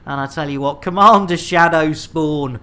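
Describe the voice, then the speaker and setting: A man's voice: a little high, moderate pace, sharp tone. Male streamer, cheeky and chatty, playful live gameplay commentary. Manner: jokey, innuendo-laden, chatty with viewers. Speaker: game streamer.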